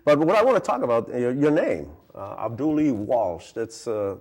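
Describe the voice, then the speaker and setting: A man's voice: mid-range voice, very animated, normal speed, darkish tone. A man hosting a talk show, rambling through teasing questions and repeating his words. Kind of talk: comic mock interview.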